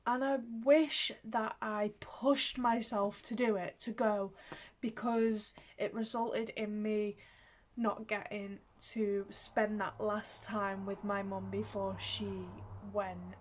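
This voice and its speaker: Slow, gentle woman. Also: medium pitch, level tone. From England, Manchester. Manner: gentle, reflective, laughs softly between thoughts. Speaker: vlogger. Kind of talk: reflective personal vlog.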